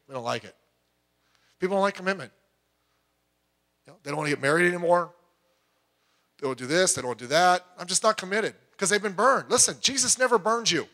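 Man, middle-aged, pastor, high voice, emphatic sermon delivery, loud then hushed. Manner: emphatic, swings between loud urging and quiet asides.

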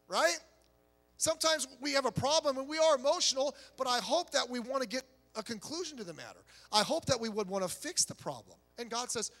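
A male pastor delivers a sermon in a high, bright voice. He preaches conversationally yet emphatically and throws rhetorical questions at his listeners. His words ring out with a long reverb in a large hall. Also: lively intonation, fairly quick.

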